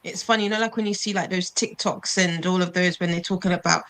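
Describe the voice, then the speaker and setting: A woman's voice: lowish voice, fairly even intonation, fast, fairly bright tone. A young woman from London with a South London accent, chatting casually on a book club livestream and restarting her sentences often. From London, England. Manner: chatty, with many restarts and fillers.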